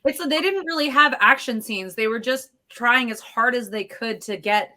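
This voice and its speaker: A woman reviewing a film in a casual chat, quick and playfully teasing. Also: on the high side, sharp tone.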